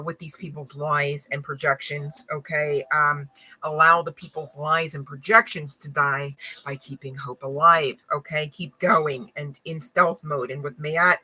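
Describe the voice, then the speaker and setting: A woman's voice: low voice, bright, forceful tone, poor audio. A woman giving a spiritual card reading to her audience in a casual, blunt, slangy way, swearing and laughing often.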